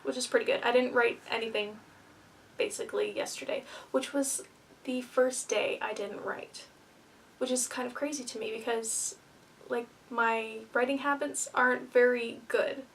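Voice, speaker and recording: A woman's voice: fairly high pitch, steady tone, moderate pace, far from the mic, a little hiss or hum. A young woman vlogging to camera, nervous and rambling, a little out of breath. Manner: nervous, rambling, self-deprecating, with filler words. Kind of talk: casual vlog talk to camera.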